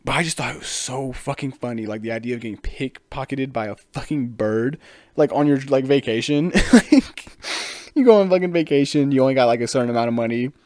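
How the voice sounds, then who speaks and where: Male podcast host, casual solo monologue; rambling, profane, giggly, mid pitch, dead-dry room. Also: lively intonation, brisk, a little mellow, no room sound. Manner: rambling, profane, laughing often.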